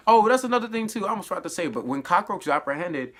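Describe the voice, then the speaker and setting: A man casually recapping a show episode in a spoiler review, animated and laughing, his voice dropping to low mutters and then jumping up in excited bursts. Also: quick pace, hardly any pauses. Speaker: TV review vlogger.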